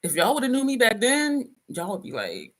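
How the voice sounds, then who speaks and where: A woman in her fifties tells a story on her livestream, breaking into laughter again and again. Her voice sits a bit high and swings widely in pitch, and she talks to her viewers in a loose, chatty way. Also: huge pitch swings, moderate pace, fairly bright tone. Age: 50s. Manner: laughs often while telling a story, reads viewer comments aloud. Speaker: vlogger livestream host.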